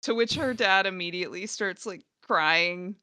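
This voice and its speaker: Low-voiced, smooth woman recapping a show. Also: moderate pace, sharp tone, no room sound. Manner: laughing often, acting out quoted lines. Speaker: podcast co-host. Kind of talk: casual recap chat.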